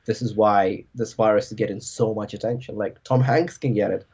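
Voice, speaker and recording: A man's voice: fairly low pitch, steady tone, normal speed, a little mellow, breathy edge, dull audio. A man hosting a podcast in casual conversation, rambling with lots of filler words. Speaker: podcast host.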